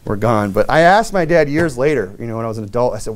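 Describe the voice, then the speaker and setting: A man's voice: mid-range voice, expressive, fast talker. A man preaching a sermon through a long personal story, loose and conversational, with many fillers, restarts and wry self-mocking humor.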